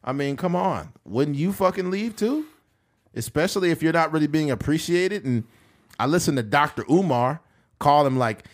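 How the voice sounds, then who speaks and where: A man from California hosting a podcast, telling stories in a profane, animated way. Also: on the high side, normal speed. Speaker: podcast host. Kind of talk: casual podcast chat.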